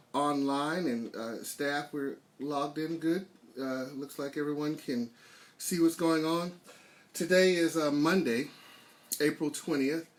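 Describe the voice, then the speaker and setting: A man hosting a weekly motivational live stream, speaking earnestly and building to emphatic peaks. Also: on the high side. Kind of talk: motivational talk. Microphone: live stream webcam setup.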